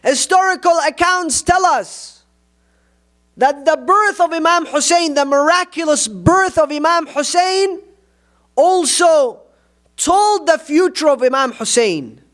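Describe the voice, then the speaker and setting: A man's voice: very high-pitched, slow pace, a bit bright. A man preaching a sermon in a mosque, impassioned and full of rhetorical questions.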